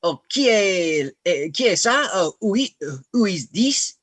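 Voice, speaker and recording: A man's voice: sits high, big pitch swings, measured pace, fairly bright tone, no room sound, exaggerated voice. A man putting on a thick French accent as a friend on the phone, hesitant and full of fillers. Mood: polite. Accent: put-on French.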